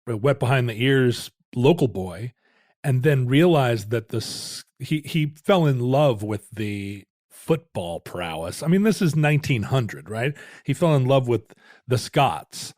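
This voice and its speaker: A man's voice: mid-range voice, expressive, measured pace, darkish tone, dry recording, studio quality. A middle-aged man co-hosting a podcast, telling a family story in a rambling, self-interrupting way. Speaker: podcast co-host. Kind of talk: casual chat.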